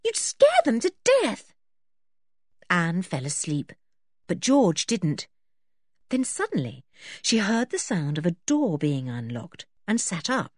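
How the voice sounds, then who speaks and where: A woman reads a children's storybook aloud in a lower voice with a lot of melodic movement. Her voice has a husky grain, and the recording is close and dry, with no room echo. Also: unhurried. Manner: expressive reading with character voices. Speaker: audiobook reader. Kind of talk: storybook narration.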